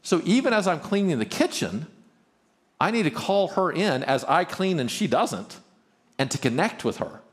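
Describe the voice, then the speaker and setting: A man's voice: a little high, sing-song, normal speed. Earnest man giving a talk. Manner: earnest, conversational, restarts often. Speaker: marriage conference speaker. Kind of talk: live talk to an audience.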